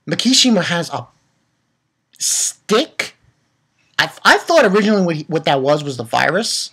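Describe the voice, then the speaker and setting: Husky, excitable man recapping an episode. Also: high voice, moderate pace, pauses often. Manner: excitable, profane, lots of restarts. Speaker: anime reviewer.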